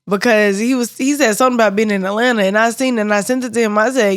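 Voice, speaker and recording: A woman's voice: a little high, steady tone, fast talker, dry recording. Southern woman with a Georgia accent, casual podcast co-host, laughs easily, dry close mic. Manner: storytelling, laughs often, many "like" fillers. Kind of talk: casual chat.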